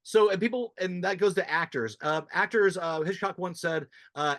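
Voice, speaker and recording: Male podcast host, casual and rambling, a bit high-pitched, dry close sound. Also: moderate pace, fairly bright tone, no room sound. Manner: rambling, restarts thoughts, frank. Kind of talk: casual interview chat.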